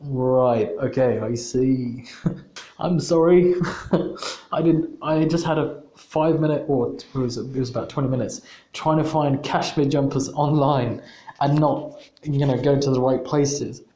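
A man's voice: mid-range voice, steady tone, warm tone. Roomy-sounding man telling a work story. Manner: halting, repeats words, laughs at himself. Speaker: podcast host. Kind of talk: casual storytelling monologue. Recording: roomy echo.

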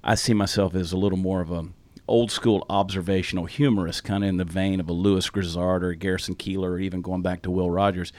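A man's voice: sits low, flat delivery, quick pace, a little mellow. A man with a Southern Texas accent hosting a podcast, telling stories in a folksy, casual way. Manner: storytelling, folksy. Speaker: podcast host.

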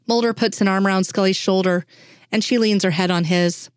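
A woman reading fan fiction aloud in a steady, unhurried way. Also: mid-range voice, no room sound, studio quality. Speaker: reader.

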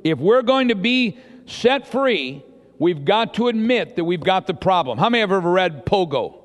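A high-pitched man preaching a sermon, bouncing between storytelling and questions fired at his congregation. He slips into little voices for the people he quotes. His voice rings out with a long echo in a big church hall. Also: expressive, moderate pace. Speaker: pastor.

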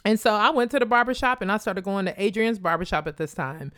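A woman from Kansas telling a personal story in a casual, animated way, acting out other people's voices. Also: fast talker, dry recording, studio quality. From Wichita, Kansas, USA. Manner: animated, acts out quoted voices in a high pitch; addresses listeners directly and casually.

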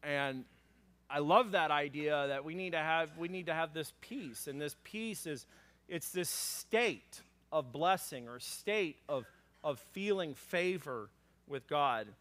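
A man preaching a sermon as pastor, conversational and animated, with frequent fillers and acted-out lines for scripture characters. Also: fairly high pitch, takes it slowly. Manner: acts out scripture characters in a raised voice.

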